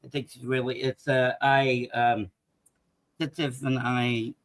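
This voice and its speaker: Rambling hesitant caller, gravelly voice. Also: male voice, medium pitch, little pitch movement, takes it slowly, no room sound, low-quality recording. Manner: rambling, hesitant, full of fillers. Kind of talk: casual call-in chat.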